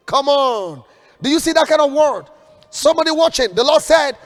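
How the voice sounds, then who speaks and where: A fervent man preaches a prophetic prayer sermon in a very high voice. He calls out declarations for listeners to shout back. His voice rings through a long hall reverb over faint background music. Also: expressive, moderate pace. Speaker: prophet leading online prayer broadcast.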